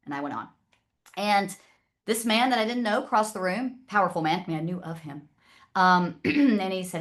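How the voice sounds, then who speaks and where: A woman's voice: mid-range voice, brisk. A woman from the American South with a Southern accent, presenting to an audience in a chatty, direct way. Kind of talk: casual talk to an audience.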